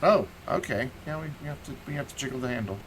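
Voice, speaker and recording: Man streaming a game, chatty and lively. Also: medium pitch, fast, a little hiss or hum. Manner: chatty, talks to himself and to objects in the game; mumbles and repeats himself while thinking aloud. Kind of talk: casual live commentary while playing.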